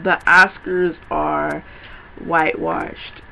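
A man co-hosting a casual podcast chat, animated and profane, acting out quotes as he talks. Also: a little high, extremely slow, vocal fry, low-quality recording. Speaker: podcast co-host.

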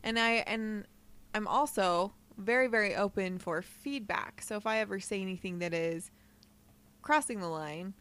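A woman's voice: medium pitch, fairly bright tone. Female podcast host: playful, giggly, easygoing chat. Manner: giggly, playful, quick to laugh. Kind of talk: casual chat.

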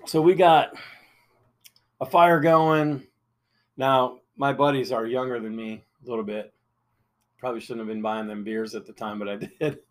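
A man's voice: medium pitch, steady tone, normal speed, long pauses. Rambling man telling a camping story. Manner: rambling with fillers and restarts. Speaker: podcast host. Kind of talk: casual storytelling.

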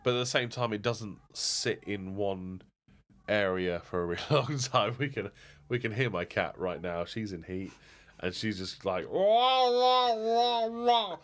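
A man's voice: low voice, normal speed, fairly bright tone. A man chatting casually at home as a podcast co-host, rambling and laughing as he acts out stories. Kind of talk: casual chat. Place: home, indoors.

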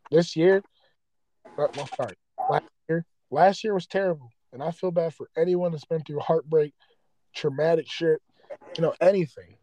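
This man, hosting a podcast, goes on an impassioned, profanity-laden rant that rambles casually. He speaks on the high side with a dark tone, and the audio is dry and poor.

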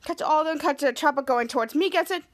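A high-pitched woman host recaps a TV episode scene by scene. Her narration rambles and restarts often as she works through each cut. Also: rapid-fire. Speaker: podcast host.

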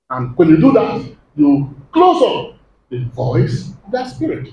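High-voiced preacher in an echoey church. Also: male voice, wildly swooping pitch, unhurried, creaky, dark tone. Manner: emphatic preaching, calls to the congregation. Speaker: pastor. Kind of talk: sermon. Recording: echoey room with faint background hum.

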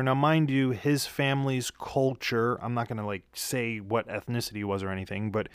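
His mid-range voice keeps fairly even intonation at a moderate pace, with hardly any pauses and a clean tone. The studio sound is clean, with no room sound. Weary after work, he tells a meandering, profane story into a pop-filtered handheld mic and keeps correcting himself.

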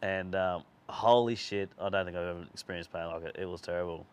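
A man's voice: low voice, fairly even intonation, fairly quick, clean tone. A man hosting a podcast, telling a long, rambling anecdote in casual chat, swearing freely and laughing through his stories. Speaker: podcast host.

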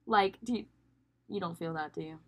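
A woman's voice: lowish voice, normal speed. A woman co-hosting a casual podcast chat, teasing and chatty, often saying "like". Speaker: podcast co-host.

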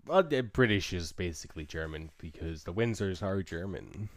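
Low-voiced man joking on a podcast. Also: lively intonation, normal speed, dry recording. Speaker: podcast co-host. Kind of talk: casual drunken chat.

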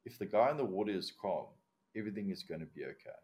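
Deep-voiced man with a non-native accent. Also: lively intonation, fast talker, a little mellow. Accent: non-native English accent. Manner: explains step by step, blunt, swears casually. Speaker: commercial diver, guest. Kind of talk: casual podcast interview.

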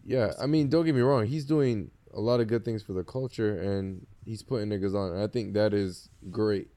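A man's voice: on the low side, moderate pace, mellow. A man in a casual podcast conversation, talking hesitantly with many restarts.

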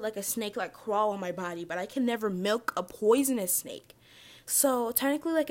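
A young woman talks to her camera in a loose, chatty vlog style. She reads bits aloud and then riffs on them with lots of fillers. She stumbles over words and restarts without much fuss. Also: mid-range voice. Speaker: vlogger. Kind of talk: casual vlog, reading a list aloud.

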